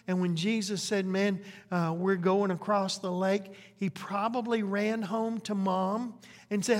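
A man preaching a sermon, questioning his congregation and stretching out phrases for emphasis. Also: high voice. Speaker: pastor. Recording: long hall reverb.

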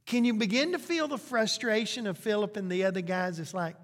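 A man's voice: high-pitched, brisk. A man preaching a sermon, questioning his congregation and stretching out phrases for emphasis. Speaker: pastor. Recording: long hall reverb.

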